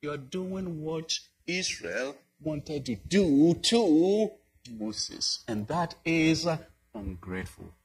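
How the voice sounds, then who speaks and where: A man's voice: on the high side, expressive, takes it slowly, slightly rough, rough recording. A male pastor preaching a sermon, building to emphatic swells and asking the congregation rhetorical questions.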